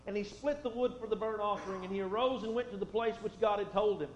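High-voiced folksy preacher in a roomy hall. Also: male voice, fast. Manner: folksy, conversational asides, drops soft then swells for emphasis. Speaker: pastor. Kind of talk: sermon with scripture reading. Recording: roomy, dull sound with faint hum.

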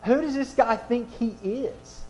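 Preacher, sermon, slow delivery, rhetorical questions, faint music behind. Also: medium pitch, a little mellow, low-quality recording. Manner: asks the audience many rhetorical questions. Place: room with an audience.

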